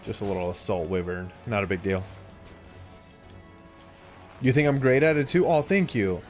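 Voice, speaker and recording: A man's voice: on the low side, moderate pace, soft background music. A young adult man streaming a game, chatting casually and reacting aloud to what happens on screen. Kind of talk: casual live-stream chat while gaming.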